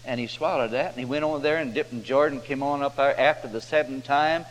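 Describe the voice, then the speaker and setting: A man's voice: mid-range voice, fast talker. Folksy preacher man in an echoing hall. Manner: folksy drawling preacher who acts out the characters' voices. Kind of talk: folksy sermon storytelling. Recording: hall reverb with faint hum.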